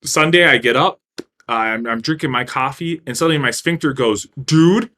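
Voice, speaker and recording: Man, casual storyteller, bright forceful tone, profane and blunt, mid pitch. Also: normal speed. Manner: blunt and profane, acts out his own reactions. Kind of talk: casual personal anecdote.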